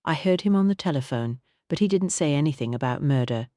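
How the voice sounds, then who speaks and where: A woman voicing an incredulous, demanding young gentleman in an audiobook. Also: sits low, expressive, brisk, dry recording, studio quality. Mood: indignant. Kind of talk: audiobook character voice.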